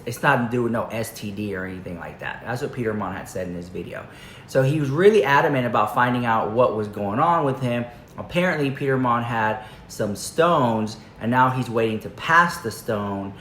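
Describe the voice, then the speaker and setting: A man's voice: medium pitch, a bit bright. A man telling a rambling story to his camera in a casual, chatty way, full of fillers and asides. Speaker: commentary vlogger. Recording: echoey room, faint noise.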